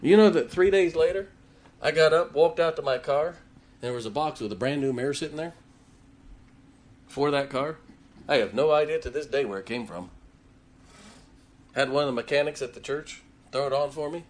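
A man's voice: on the high side, moderate pace, long pauses. A man preaching a sermon, telling stories and acting out the voices of the people in them. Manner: animated storytelling, acts out quoted voices. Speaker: pastor.

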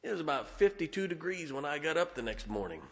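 A man preaching as a Baptist pastor, telling animated personal stories and asking his congregation to listen up. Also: fairly high pitch, fast, gravelly. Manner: animated storytelling, keeps asking the congregation "can I tell you something". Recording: long reverb of a large hall.

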